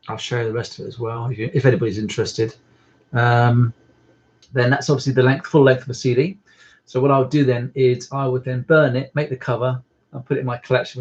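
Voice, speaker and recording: Man, mid pitch, hesitant rambling live-stream host at home, dull lo-fi audio. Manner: rambling, hesitant, many ums. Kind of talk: casual live-stream chat. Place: at home indoors. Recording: slightly muffled lo-fi stream audio.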